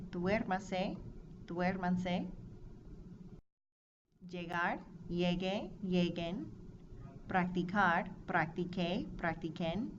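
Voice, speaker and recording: A woman teaching a Spanish grammar lesson, explaining clearly and drilling verb forms in a measured, scripted way. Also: lowish voice. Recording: dull lo-fi recording with audible noise.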